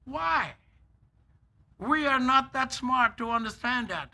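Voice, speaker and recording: A man preaching a sermon as an elder, emphatic and drawn out, with sudden loud bursts. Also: extremely high pitch, lively intonation, slow, gravelly.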